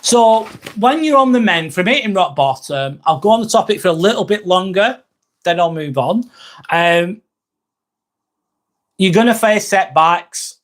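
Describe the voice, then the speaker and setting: In a high-pitched, fairly bright voice with lively intonation, a middle-aged English-accented man takes his time chatting on a live stream. He rambles candidly and reads viewer comments out loud.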